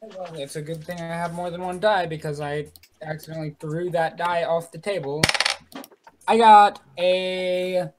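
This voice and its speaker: A player in a casual tabletop game, eager and quick to get excited. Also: medium pitch, noisy background.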